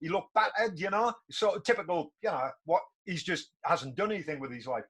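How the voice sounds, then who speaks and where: A man's voice: high-pitched, fairly quick, a bit bright, husky. A man in his fifties from England, hosting a podcast as a chatty storyteller who often repeats himself. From North East England. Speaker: podcast host. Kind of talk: casual conversational interview.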